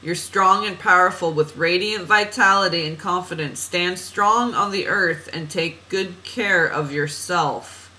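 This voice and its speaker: A woman's voice: lowish voice, a little slow, few pauses, pushed and bright, low-quality recording. Chatty woman reading oracle cards. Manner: chatty, laughs at herself, drifts off on tangents. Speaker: oracle card reader. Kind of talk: spiritual card reading monologue.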